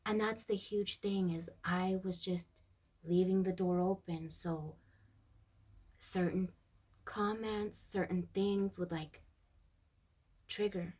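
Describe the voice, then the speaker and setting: Woman, husky voice, slow unhurried talk, soft near-whisper, casual heartfelt monologue, phone recording. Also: lowish voice, fairly even intonation. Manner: soft-spoken, often drops to a breathy near-whisper. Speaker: vlogger.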